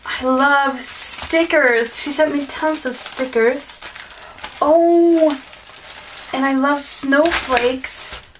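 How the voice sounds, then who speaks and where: Woman vlogger, unhurried and bubbly, fairly high voice, light hiss behind her, unboxing chat at home. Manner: gushing and excitable, with many fillers and apologies. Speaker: vlogger opening a gift swap package. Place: at home indoors, in the evening.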